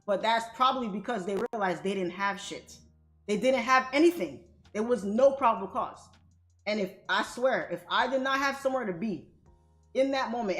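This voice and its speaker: Indignant woman telling a story, echoey room. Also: medium pitch. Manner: animated, indignant, profane. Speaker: livestream trading host. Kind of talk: casual storytelling to viewers.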